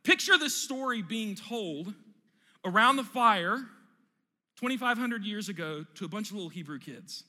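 A male pastor preaching a sermon with animated, emphatic storytelling. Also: high voice, normal speed, long reverb tail.

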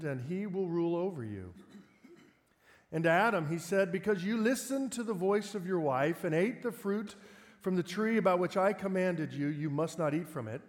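Man preaching in a reverberant hall. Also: on the high side. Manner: conversational preaching with rhetorical questions. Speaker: pastor. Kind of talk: sermon.

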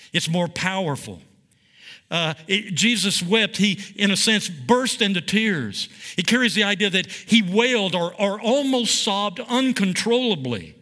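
Man, sermon-style bible teaching, emphatic, raised pitch, bright tone, asks the audience questions. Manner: emphatic, rises and slows for dramatic repeated phrases. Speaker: preacher teaching a Bible study.

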